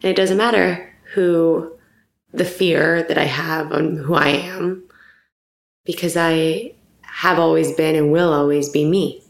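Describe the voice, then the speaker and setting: A woman guest talking with candid, animated energy, laughing often and quickening into bursts. Her voice sits a little low with a gravelly fry. The room around her has a noticeable echo. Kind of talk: casual heartfelt conversation.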